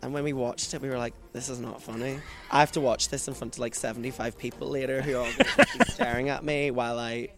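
A man's voice: mid-range voice, expressive, fast, hardly any pauses, fairly bright tone, faint music behind. A Northern Irish man in his twenties, a drag performer telling stories as a guest in a casual interview. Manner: chatty, self-mocking storyteller.

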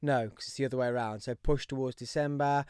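A man's voice: medium pitch, steady tone, fast talker, darkish tone, clean tone, no echo, studio quality. A young man with a Birmingham accent hosting a podcast, talking in an upbeat, rambling way. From West Midlands, England. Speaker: podcast host. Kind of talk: casual podcast monologue.

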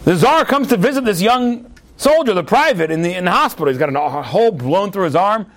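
Middle-aged male preacher with a high voice who tells lively stories in his sermon. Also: brisk. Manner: storytelling with acted quotes, animated delivery.

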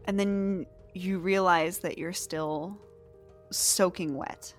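A woman's voice: lowish voice, steady tone, slow pace, faint music behind. A woman narrating as game master, describing scenes in a playful way with lots of fillers.

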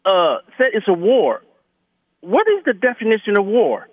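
A male caller on a phone-in show, arguing his opinions in an animated way with many fillers. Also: high voice, normal speed, no room sound. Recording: tinny phone line.

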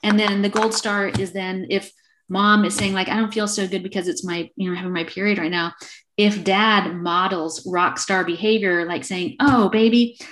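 A woman's voice: medium pitch, steady tone, moderate pace, a bit bright. A middle-aged woman talks earnestly as a guest in a casual interview. Her voice sits in an ordinary middle range, and she keeps slipping into little acted-out quotes of everyday conversations.

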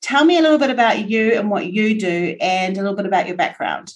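A woman with a New Zealand accent hosting a casual podcast interview, bubbly and quick to laugh. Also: medium pitch, animated. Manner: chatty and bubbly, laughs often. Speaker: podcast host.

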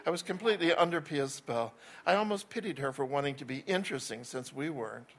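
A man's voice: a little high, lively intonation, fast, a little hiss or hum. A man reading a first-person novel aloud in a wry voice, with small slips and restarts. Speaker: narrator.

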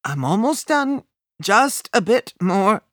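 A woman narrator voicing a kindly male dentist who speaks soothingly in a lowered voice, in an audiobook. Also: slow pace, no room sound, clean studio sound, exaggerated voice. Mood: gentle, reassuring. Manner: soothing, calm. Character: kindly middle-aged male dentist, gentle but hurried.

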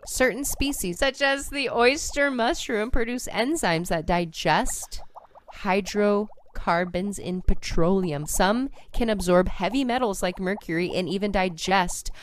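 A woman co-hosting a casual science podcast, eagerly explaining facts in quick bursts that trail off softly. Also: medium pitch, slight background noise. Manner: enthusiastic explainer, fast bursts with trailing soft endings. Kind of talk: casual educational chat.

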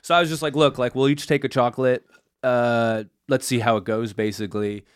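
A man tells a story as a podcast guest, rambling and cursing as he goes. His voice sits at a middle pitch. It is recorded dry, with no room sound around it. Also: little pitch movement, a little fast, smooth, no room sound. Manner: rambling, full of "like" and swearing. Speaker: comedian guest.

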